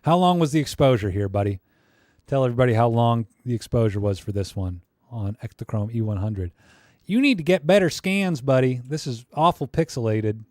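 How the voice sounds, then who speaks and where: Going through viewers' photos on a live stream, a young man keeps things chatty, cracking jokes and launching into ranting asides. His voice is mid-range, a bit dark in tone, a little fast, and lively in intonation. It sounds close and dry, with no echo or sense of a room.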